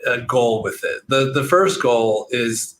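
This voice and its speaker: Male interview guest, casual and rambling, bright voice, echoey room mic. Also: medium pitch, takes it slowly. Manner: relaxed, rambling with frequent "like" fillers. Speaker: guest, SEO entrepreneur. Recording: roomy echo with faint noise.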